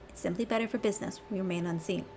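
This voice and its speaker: A woman doing a bawdy, gruff pirate guild boss with a put-on Southern drawl, teasing and brash. He talks rough and crude, like a hard man from a game who fears nothing. Soft game music plays behind him. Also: mid-range voice, fairly even intonation, very fast, lightly acted. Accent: put-on American Southern. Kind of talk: reading game dialogue aloud on a stream.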